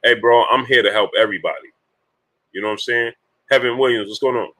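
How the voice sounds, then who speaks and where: Casual male livestream host, bright forceful voice, breaks off to shout out chat viewers. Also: mid-range voice, steady tone, quick pace, low-quality recording. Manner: greets viewers by name between points, many fillers. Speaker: boxing talk livestream host.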